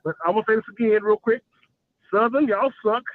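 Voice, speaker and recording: High-voiced man on a tinny phone line. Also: steady tone, a little fast, dry recording. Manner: loose and joking, lots of filler phrases. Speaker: caller. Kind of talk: casual call-in chat.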